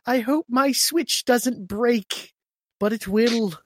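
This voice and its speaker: A man putting on a prissy fake British accent, gushing in a sing-song mock delight on a podcast, slow and drawn-out. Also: very high-pitched, slight background noise, pitched above the performer's own voice. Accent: put-on British. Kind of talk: comic bit on a podcast.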